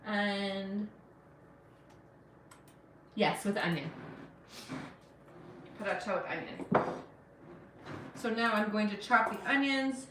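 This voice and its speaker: A woman's voice: mid-range voice, slow, long pauses, far from the mic, noisy background. A woman from Afghanistan hosting a casual cooking live stream in her kitchen. She chats along and reads out and answers viewer comments. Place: home kitchen. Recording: roomy kitchen sound, mic set back.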